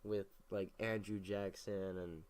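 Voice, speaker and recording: A man's voice: low voice, level tone, takes it slowly, darkish tone. A young man casually retelling history in a rambling, profane way, full of filler words. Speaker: history recap host.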